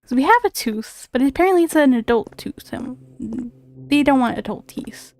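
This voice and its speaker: A woman's voice: high-pitched, lively intonation, normal speed, darkish tone. A woman streaming a video game, talking in chatty, rambling casual commentary full of fillers.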